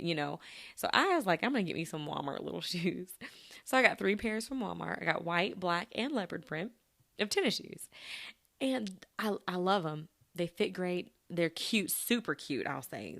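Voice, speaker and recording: A woman's voice: lowish voice, fairly bright tone. A woman hosting a casual solo podcast who chats and giggles and talks straight to her listeners. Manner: chatty, giggly, addresses listeners directly. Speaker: podcast host.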